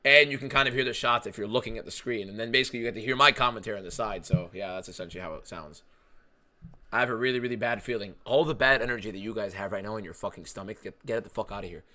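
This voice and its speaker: A young man hosting a live fight watchalong stream, talking casually and excitedly, swearing a lot and reading out viewer messages. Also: fairly low pitch, very fast. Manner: excitable, profane, reads chat aloud.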